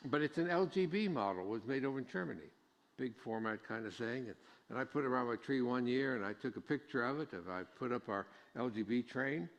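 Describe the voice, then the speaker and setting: Joking, folksy preacher in a reverberant church. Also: male voice, medium pitch, fairly bright tone. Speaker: pastor. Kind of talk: sermon. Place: church sanctuary.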